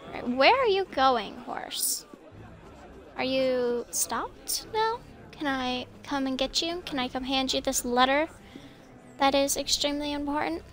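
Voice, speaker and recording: A young woman talking casually to herself while playing a video game, chatty and quick to apologize and laugh. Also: high-pitched, fairly bright tone, some chatter behind. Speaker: gameplay streamer.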